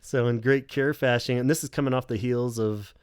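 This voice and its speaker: Smooth-voiced man hosting a casual podcast. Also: mid-range voice, fairly even intonation, fairly quick, no room sound, studio quality. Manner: swearing, rambling storyteller, acts out quotes. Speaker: podcast host. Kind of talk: casual chat.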